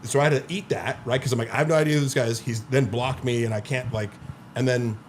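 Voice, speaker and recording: A man's voice: mid-range voice, fast talker. Male podcast guest, mid-range voice, loose filler-heavy storytelling with voiced-out quotes; faint noise underneath. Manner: animated storyteller, filler-heavy, swears often, acts out quotes. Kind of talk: casual chat.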